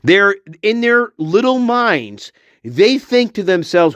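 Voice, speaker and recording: A man with a high voice rants angrily. He swears and mocks as he goes. His delivery is slow and deliberate, and pitch swings widely, with bursts of shouting, heard dry and close. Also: very animated, smooth, dry recording, lo-fi sound. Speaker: online commentator. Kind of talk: ranting commentary.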